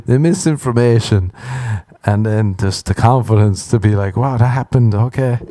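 Young Irish male podcast host: loose, profane, rambling stand-up style with a warm, slightly low voice. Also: a little hiss or hum. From Ireland. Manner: rambling, profane, laughs at his own jokes. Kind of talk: solo comic podcast monologue.

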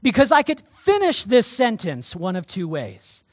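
A male pastor delivering a sermon to his church in an emphatic, energetic way. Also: sits high, a little slow, no echo, clean studio sound.

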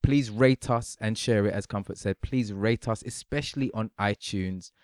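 A man's voice: lowish voice, normal speed, a little mellow, dry recording, studio quality. A man from the UK hosting a casual podcast chat, probing with rhetorical questions. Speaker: podcast host.

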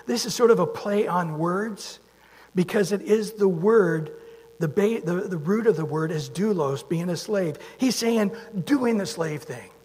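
A man's voice: high-pitched, animated, measured pace, a little mellow, breathy edge. A man preaching a sermon in a conversational way, asking his listeners rhetorical questions. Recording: long hall reverb.

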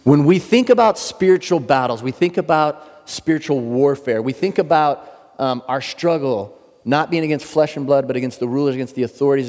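A man's voice: medium pitch, normal speed, darkish tone. A middle-aged man preaching a sermon, telling a personal story and acting out the voices of the people in it. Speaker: pastor. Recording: long hall reverb.

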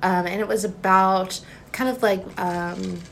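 A woman's voice: mid-range voice, steady tone, measured pace, creaky, a little hiss or hum. A woman co-hosting a podcast in casual chat, teasing and chatty, with lots of fillers. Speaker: podcast co-host.

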